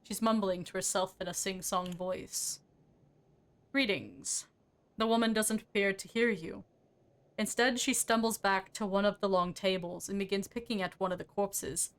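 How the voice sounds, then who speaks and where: A woman's voice: medium pitch, steady tone, normal speed, smooth. A woman game streamer reading game text aloud, casual and swearing now and then. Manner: casual, swears, laughs at herself.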